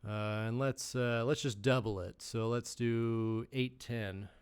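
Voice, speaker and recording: Slow-talking man streaming a game. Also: mid-range voice, fairly even intonation, clean tone. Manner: thinks aloud, chats with viewers, bursts into loud mock shouting. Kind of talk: casual live-stream gameplay commentary.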